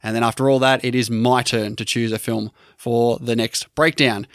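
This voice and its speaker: A man's voice: mid-range voice, little pitch movement, normal speed, a bit bright, dry recording, studio quality. A man co-hosting a film podcast in easygoing casual chat, often laughing while he talks. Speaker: podcast co-host.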